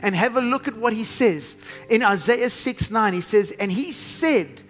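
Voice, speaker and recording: A man preaching a sermon as pastor, emphatic, slowing to stress key phrases and dropping to a hushed tone. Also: sits high, lively intonation, soft background music.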